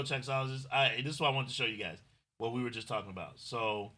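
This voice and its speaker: Middle-aged guy on a livestream, super bright voice, rambly and gushing. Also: medium pitch, fairly even intonation, fast. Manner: effusive, rambling, emotional thanks. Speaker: livestream co-host. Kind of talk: casual livestream chat.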